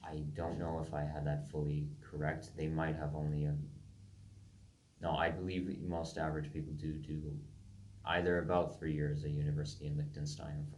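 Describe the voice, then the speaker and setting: A young man with a very low, deep voice reads his own writing aloud in a casual, unpolished way. He trips over foreign names and fixes them aloud as he goes. The sound is roomy and echoey, with a faint hum behind it. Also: little pitch movement, moderate pace, darkish tone. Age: young adult. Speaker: amateur writer reading his own game stories.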